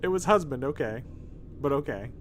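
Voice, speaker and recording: A man voicing a flustered, excitable grown man in a text adventure game, pitched up high and loud. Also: normal speed, slight background noise, lightly acted.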